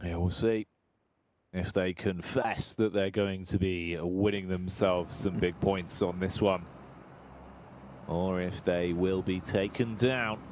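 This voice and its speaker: A man's voice: low-pitched, fairly even intonation, takes it slowly, darkish tone, slight background noise. A man casting a live esports match with jokey, matey banter. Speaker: esports caster.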